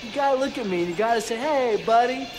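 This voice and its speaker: An actor playing an angry young punk narrator who rants bitterly and swears a lot, in a film clip. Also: male voice, very high-pitched, background noise. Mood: ranting. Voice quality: fast ranting, profane. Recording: film audio with music behind. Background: music.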